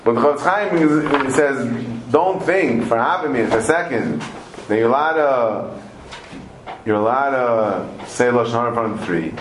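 A man's voice: medium pitch, normal speed. A man teaching a Talmud study class, explaining emphatically and often repeating words as he goes. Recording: echoey room with faint background noise.

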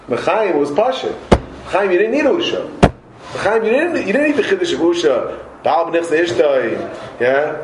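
A man giving a Talmud class lecture, animated, repeating words and joking with his students. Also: medium pitch, background noise. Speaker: Talmud teacher. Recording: roomy echoey room.

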